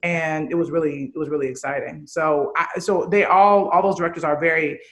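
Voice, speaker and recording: A woman's voice: sits low, fairly even intonation, fairly quick. A woman in her thirties from Chicago, a guest in a casual interview, talking candidly and animatedly and swearing freely. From Chicago, USA. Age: 30s.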